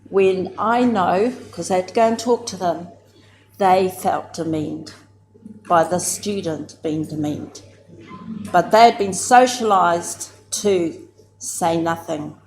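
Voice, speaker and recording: A woman from New Zealand with a New Zealand accent, giving a reflective talk. She searches for words and turns lively and amused when she tells stories. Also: on the low side, a little hiss or hum. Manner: thoughtful, searching for words, many "you know"s. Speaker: speaker at a research gathering.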